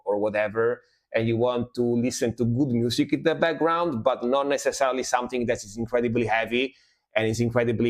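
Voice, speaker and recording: A man streaming music reactions in easygoing casual chat, repeating himself and leaning on "you know". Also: medium pitch. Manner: laid-back, loose, repeats words and adds "you know".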